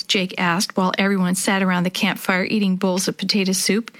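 A woman reads a children's chapter book aloud with clear, expressive storytelling. Her voice sits at a middle pitch. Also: fairly quick. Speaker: narrator.

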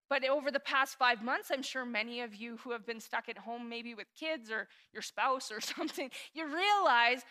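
Woman pastor in her 30s, kinda high voice, earnest sermon, goes soft on the prayers then gets animated. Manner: earnest, confessional, shifting from hushed prayer to animated emphasis.

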